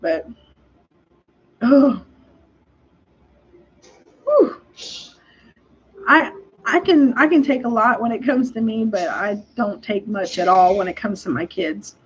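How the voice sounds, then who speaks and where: Gal, kinda husky voice, riled up and laughing while she tells grocery store stories, muffled recording. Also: a little high, a little slow. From Texas. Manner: animated, exasperated, laughs often. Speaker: podcast host. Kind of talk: casual storytelling. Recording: dull lo-fi recording.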